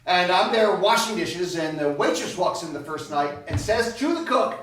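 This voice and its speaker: High-voiced man telling a comic story on stage. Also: lively intonation, moderate pace, few pauses, a bit bright. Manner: chatty, digressive and self-mocking, with dry comic asides. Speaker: solo performer. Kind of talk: live stand-up storytelling monologue. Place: small theater stage. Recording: echoey theater, far from the mic, noisy.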